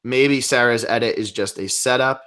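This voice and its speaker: A man co-hosting a fan show, chatting casually in quick back-and-forth with filler words. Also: medium pitch, sharp tone. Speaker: podcast co-host.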